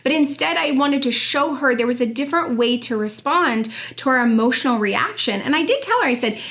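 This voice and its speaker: A woman's voice: high voice, brisk. A woman co-hosting a parenting podcast, telling stories casually and acting out the quotes. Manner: storytelling, animated, acts out quotes. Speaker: podcast co-host. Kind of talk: casual chat.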